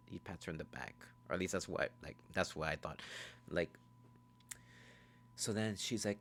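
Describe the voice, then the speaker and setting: Male movie reviewer with a deep voice, casual and profane, rambles through a plot recap with lots of "like" and "bro". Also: fairly bright tone, a little hiss or hum. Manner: rambling, profane, fast storytelling.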